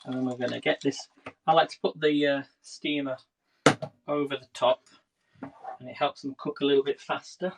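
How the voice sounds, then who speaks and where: Chatting with viewers as he cooks at home, a man in his thirties livestreams by phone in a casual way. He speaks at a moderate pace with medium pitch, fairly even intonation and vocal fry, and he pauses often. Heavy background noise of kitchen clatter and clicks fills the recording.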